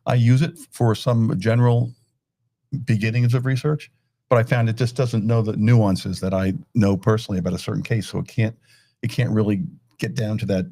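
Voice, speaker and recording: A middle-aged man, an attorney, co-hosting a casual podcast chat, who talks in quick bursts with lots of restarts. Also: on the low side, warm tone, no echo.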